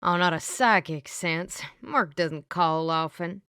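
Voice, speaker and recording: A woman's voice: lowish voice, slow pace, no room sound, studio quality. A woman voicing a grumpy older man with a Southern accent, a psychic on the phone in an audiobook. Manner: gruff, then softening.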